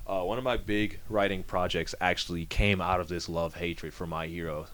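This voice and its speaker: Low-voiced young man rambling casually. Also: moderate pace. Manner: rambling, animated storyteller, many fillers. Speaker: podcast co-host. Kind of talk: casual chat.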